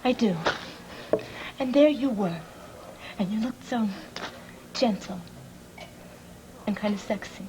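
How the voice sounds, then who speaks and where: An actress playing a proud young woman cop who talks in a brisk, guarded way. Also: a little high, noisy background.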